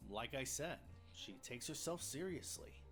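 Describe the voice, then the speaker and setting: A man's voice: medium pitch, lively intonation, measured pace, fairly bright tone. A man voicing an earnest, somewhat nervous young defense attorney in a fan-made game. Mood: uneasy. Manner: nervous, grumbling. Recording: game audio with music behind.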